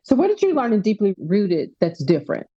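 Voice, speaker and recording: A woman's voice: mid-range voice, huge pitch swings, brisk, warm tone, breathy edge, no echo, muffled recording. A woman coach hosting her podcast, asking direct, probing questions in a casual interview.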